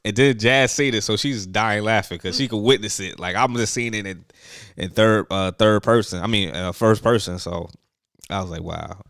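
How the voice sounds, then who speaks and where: A man's voice: lowish voice, moderate pace, a bit bright, no room sound, studio quality. A young man hosting a podcast, telling stories in casual chat, loose and full of slang and fillers. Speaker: podcast host.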